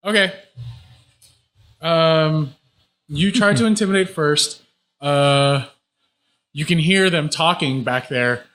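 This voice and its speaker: Relaxed man running a tabletop game. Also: a little high, slow pace, pauses often. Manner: casual, explains rules with fillers. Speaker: game master.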